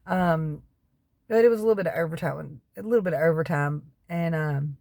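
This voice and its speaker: In a low, creaky, darkish voice that runs a little fast, a middle-aged keto vlogger from North Carolina chats to the camera in her Southern accent. She's folksy, drifts onto tangents, laughs between remarks and coughs now and then from allergies; the audio has no echo.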